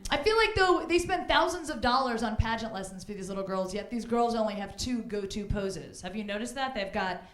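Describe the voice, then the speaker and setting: A woman's voice: medium pitch, animated, a little fast, hardly any pauses, slight background noise. A woman performing a stand-up comedy set on a club stage, brash and bawdy, often breaking into mocking voices for the people she quotes. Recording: echoey club room.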